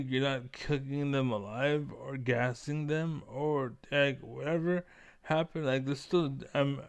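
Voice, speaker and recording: A man vlogging a casual rant. He rambles and swears, leaning on "like" constantly. His voice is smooth and resonant at an ordinary male pitch. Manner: rambling, profane, heavy use of "like". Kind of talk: casual ranting monologue.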